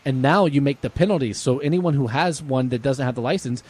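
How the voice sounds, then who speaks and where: A man's voice: medium pitch, brisk, a little mellow. A man co-hosting a podcast, talking things through in a loose, rambling way. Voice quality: rambling, many restarts and fillers. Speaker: podcast co-host. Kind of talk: casual chat.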